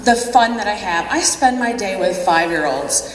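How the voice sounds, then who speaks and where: A woman's voice: medium pitch, expressive, moderate pace. A woman telling her own story as a convention speaker, chatty, laughing and poking fun at herself. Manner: chatty, laughing, self-mocking. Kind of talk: personal story speech. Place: large convention hall. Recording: echoey hall, distant mic.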